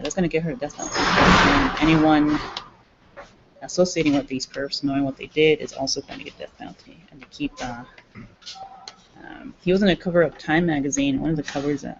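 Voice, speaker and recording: Woman, rambling agitated monologue, dull lo-fi sound, steady noise behind her. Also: low-pitched. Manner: rambling, jumps between topics, agitated. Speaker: self-described activist. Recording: dull lo-fi recording with clear background noise.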